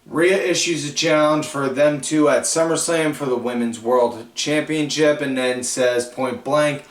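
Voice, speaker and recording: A man hosting a wrestling podcast, recapping shows in a rambling, casual way full of fillers. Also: medium pitch. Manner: slow, drawn-out, rambling delivery with frequent fillers. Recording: echoey room, far from the mic.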